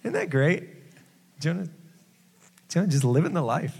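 A man with a fairly high voice preaches in a relaxed, conversational way, dropping jokes and quick asides. His words ring out with a long hall reverb behind them. The tone stays casual rather than formal. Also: vocal fry, slightly rough. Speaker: pastor. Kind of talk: casual sermon.

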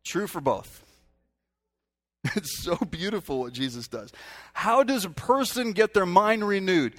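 A man's voice: high-pitched, animated, a little slow, pauses often, fairly bright tone. A man preaching a sermon from a stage, talking conversationally and then breaking into sudden emphatic rises. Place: stage in a church hall. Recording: long hall reverb.

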